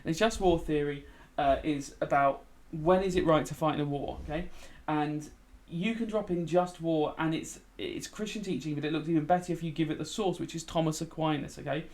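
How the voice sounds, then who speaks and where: A man's voice: on the high side, fairly quick, a little mellow. A man teaching a casual revision lesson while building in a game, chatty and tired, checking in with "okay?" a lot. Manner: chatty, frequent "okay?" check-ins, talks while typing. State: tired, yawning.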